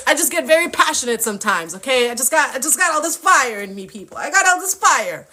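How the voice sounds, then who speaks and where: A woman's voice: high voice, big pitch swings, fast, pushed and bright. A young adult woman hosting a spiritual live stream with tarot readings, talking passionately and casually, swearing often and acting out playful impressions.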